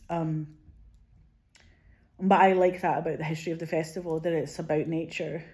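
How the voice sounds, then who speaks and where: Low-voiced woman rambling casually. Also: little pitch movement, moderate pace, a little mellow. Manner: rambling and profane, heavy use of "like". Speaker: vlogger.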